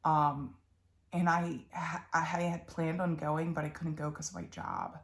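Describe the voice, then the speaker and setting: A young woman with a Philadelphia accent talks in a low voice, rambling casually through her crafting projects. She trails off and restarts often, with plenty of ums along the way. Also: big pitch swings, unhurried, gravelly. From Philadelphia, USA. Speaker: cross-stitch vlogger.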